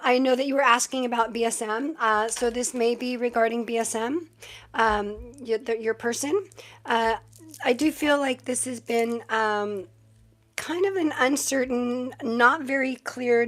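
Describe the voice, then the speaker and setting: A woman live-streaming tarot readings, chatting casually with viewers and using lots of fillers as she reads the cards. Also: a little high. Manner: chatty, many fillers, thanks viewers often.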